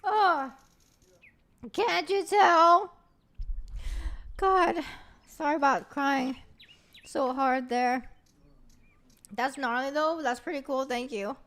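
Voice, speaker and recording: A woman's voice: high voice, slow pace, long pauses, fairly bright tone. A woman streamer in casual livestream chat who talks straight to her chat in a chatty, giggly way.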